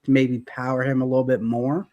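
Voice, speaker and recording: A man's voice: mid-range voice, flat delivery, brisk, darkish tone, lo-fi sound. Jokey podcast host man. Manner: jokey, hands off turns. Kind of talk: casual chat, reading a comic summary.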